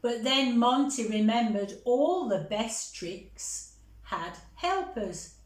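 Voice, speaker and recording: A woman reading a picture book aloud to children, gently chatting with them between pages. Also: on the high side, sing-song, takes it slowly. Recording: roomy echo.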